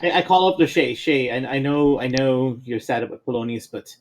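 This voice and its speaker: A man's voice: medium pitch, a little fast, a crowd in the background. A man playing a tabletop game, talking in a hesitant, stop-start way. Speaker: player. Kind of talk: casual tabletop role-play.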